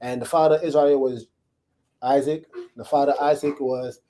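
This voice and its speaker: Laid-back preacher man, mellow voice. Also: mid-range voice, fairly even intonation, normal speed. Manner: casual, checks in with listeners, keeps asking "right?". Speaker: Bible teacher. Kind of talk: conversational sermon to a live group.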